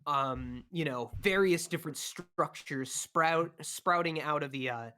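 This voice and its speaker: A man's voice: a little high, measured pace, bright, forceful tone. A man narrating a tabletop game as dungeon master, hesitant with many fillers and restarts.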